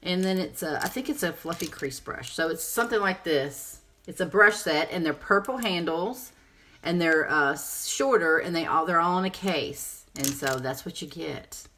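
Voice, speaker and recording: Chatty woman with a low voice, rambling through a live makeup demo. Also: animated, moderate pace, fairly bright tone, a little hiss or hum. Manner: chatty, rambling, answers viewer comments. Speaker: makeup seller and presenter. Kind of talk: casual live makeup tutorial.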